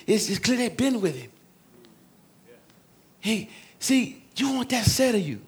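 A man preaching a sermon in a folksy, joking way, swinging between loud shouted emphasis and hushed asides. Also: high-pitched, big pitch swings, a little slow. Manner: conversational, folksy preaching with humor.

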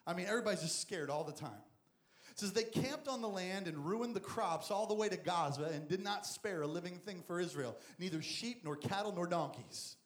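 A man preaching a lively, jokey sermon as a youth pastor, acting out Bible stories. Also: high voice, fairly quick, echoey room. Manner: energetic, jokey, acts out Bible figures.

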